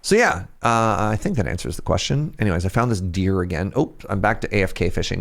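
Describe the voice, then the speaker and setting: Canadian guy from the pacific northwest, low gravelly voice, just rambling at his chat while he games. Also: expressive, quick pace. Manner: rambling, chatty, answering viewer questions. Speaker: streamer. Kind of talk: casual live-stream chat while gaming.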